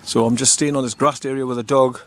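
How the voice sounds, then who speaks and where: He speaks quickly in a mid-range voice with little pitch movement. The older North East England vlogger chats casually while filming a walk by a river in a small town, rambling a little and self-correcting.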